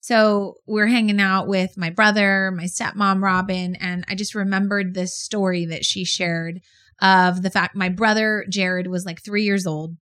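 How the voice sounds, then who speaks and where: Frank, animated woman co-host. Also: medium pitch, a little slow. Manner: frank, animated storyteller with swearing. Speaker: podcast co-host. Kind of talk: casual chat.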